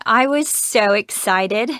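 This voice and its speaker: A young woman answers interview questions in an enthusiastic, upbeat way. She speaks slowly at a middle pitch, and the recording is dry and close. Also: fairly bright tone, dry recording. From Los Angeles, USA. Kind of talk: scripted exam-audio interview.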